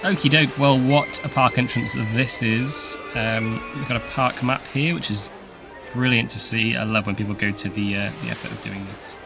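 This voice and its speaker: A man's voice: medium pitch, steady tone, normal speed, gravelly, over music. A man hosting a casual video game park tour, chatty and playful, laughing often. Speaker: channel host.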